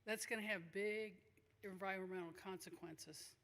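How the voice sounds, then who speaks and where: Give me a concerned woman resident with a measured, questioning delivery at a forum, with long reverb. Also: medium pitch, steady tone, a bit bright. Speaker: resident speaking at a public forum. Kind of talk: public comment. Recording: reverberant hall.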